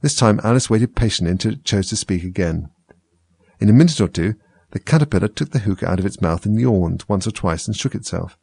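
Gravelly low-voiced man reading a storybook. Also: dry recording. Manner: measured, expressive storytelling. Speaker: reader.

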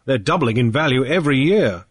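A man reading a storybook, voicing a shrewd, cool male sea trader in a brisk, airy way with small hesitations. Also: mid-range voice, expressive, breathy edge, dry recording, studio quality, pitched above the performer's own voice. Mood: cool, probing. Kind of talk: audiobook character voice.

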